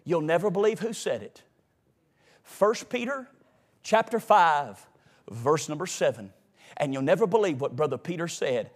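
A man preaching a sermon to a congregation, with a sing-song cadence that swings from loud shouts to hushed, almost whispered lines. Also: on the high side, big pitch swings, normal speed, pauses often.

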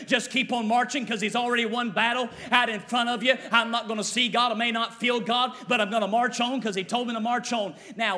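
High-pitched, bright-voiced preacher. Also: male voice. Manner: rhythmic repetition, swinging from shouts to hushed tones. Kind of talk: fiery revival sermon.

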